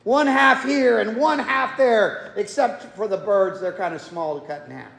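A man's voice: high voice, unhurried, gravelly, fairly bright tone. A man preaching a sermon, telling the story in a folksy way and acting out the quotes. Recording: echoey hall.

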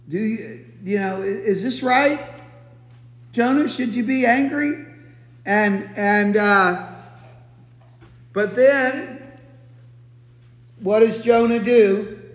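A man giving a Bible teaching sermon in a relaxed, conversational way, full of restarts and asides. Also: high-pitched. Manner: conversational, many restarts and fillers. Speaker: preacher. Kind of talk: expository sermon. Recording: echoey hall.

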